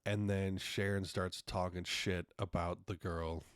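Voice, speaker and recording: A man's voice: sits low, flat delivery, a little slow, clear, resonant tone, no echo, studio quality. A man hosting a podcast, telling stories in casual solo talk, frank and a bit profane. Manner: frank, profane, acts out quotes in retelling. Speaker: podcast host.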